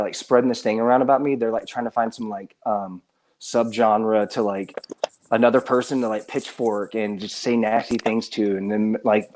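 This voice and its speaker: A man speaking as a guest on a casual livestream, halting and filler-heavy, earnest and defensive. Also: on the low side, darkish tone.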